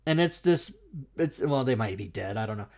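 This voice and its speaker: A middle-aged man hosting a talk show, telling an animated, profane anecdote in casual chat. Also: on the low side, moderate pace, gravelly, a little hiss or hum.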